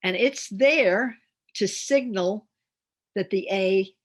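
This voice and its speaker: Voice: medium pitch, takes it slowly. A reading teacher giving an instructional talk on phonics, explaining step by step with chatty asides.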